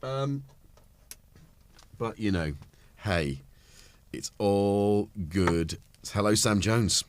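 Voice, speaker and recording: A middle-aged man with a cold hosts a relaxed live stream, talking to himself as he tinkers and poking fun at his own confusion. His voice sits fairly low but jumps around a great deal, with a faint hiss of noise behind it. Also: extremely slow, pauses often. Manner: rambling, self-mocking, talks while tinkering. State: has a cold. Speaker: livestream host. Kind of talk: casual live-stream chat.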